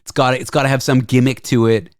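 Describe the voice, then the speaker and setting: A man's voice: medium pitch, fast, smooth, dry recording, studio quality. A man hosting a radio talk show in a casual, jokey chat. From Canada. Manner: lively and chatty, jokey. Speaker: radio host. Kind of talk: casual conversation.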